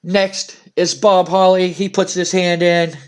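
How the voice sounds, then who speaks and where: A man's voice: sits high, flat delivery, measured pace, clear, resonant tone. A man dramatically narrating a wrestling simulation playthrough, play-by-play style. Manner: storytelling play-by-play, hyping announcements. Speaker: game narrator.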